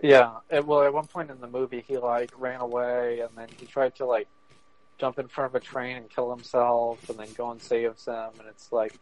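A man's voice: mid-range voice, level tone, moderate pace, a little mellow, rough recording. A man co-hosting a podcast in casual chat, rambling with many fillers and laughing often. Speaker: podcast co-host.

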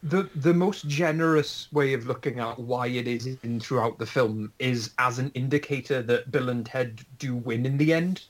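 A man talking through a film on a podcast, speaking at an ordinary mid pitch. He starts and restarts his sentences, searching for the words. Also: normal speed, few pauses, low-quality recording. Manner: hesitant, restarts often, laughs. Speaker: podcast co-host. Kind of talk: casual film discussion.

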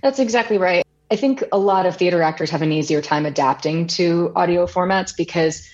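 Low-voiced woman audiobook narrator. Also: brisk, a little mellow, dull audio. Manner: articulate, thoughtful, reflective. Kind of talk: podcast interview.

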